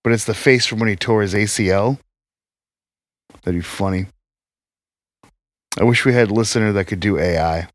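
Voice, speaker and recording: A man's voice: fairly low pitch, moderate pace, pauses often, no room sound. Blunt, profane man trading banter. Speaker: podcast co-host. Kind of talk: casual chat.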